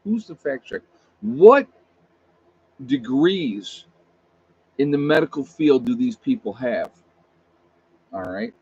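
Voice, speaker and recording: Blunt male livestream host, mid-pitched, casual emphatic rant, slightly muffled lo-fi sound. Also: sing-song, slow pace, creaky, pauses often, darkish tone, husky.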